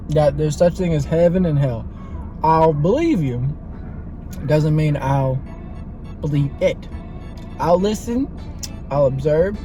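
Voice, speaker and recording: A man's voice: fairly high pitch, mellow. A man vlogging in a rambling, profane way while eating in a car parked in an empty lot. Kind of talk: casual rambling monologue.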